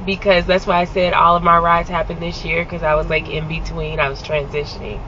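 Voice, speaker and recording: A woman's voice: on the low side, flat delivery, a little fast. A woman rideshare driver from Indiana, talking with a passenger in her car, gushing and near tears. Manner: gushing, tearful, laughs often. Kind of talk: emotional chat with a passenger. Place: inside a car. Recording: muffled in-car recording, road noise.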